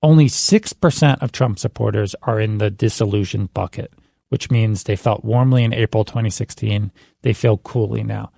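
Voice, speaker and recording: A man talking through political data in a casual studio chat, with a gravelly, creaky edge to his voice. The sound is dry and close, with no room echo. He thinks aloud, often restarting his sentences. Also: on the low side, normal speed, warm tone. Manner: thinks aloud with frequent restarts and "you know". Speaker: managing editor on a politics podcast. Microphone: studio mic.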